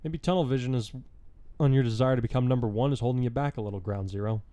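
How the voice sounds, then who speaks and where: A man voicing a relaxed, confident teenage boy hero with a teasing manner in a fan story reading. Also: medium pitch, fast, no room sound, close to an everyday voice. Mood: easygoing. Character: laid-back confident teen boy hero.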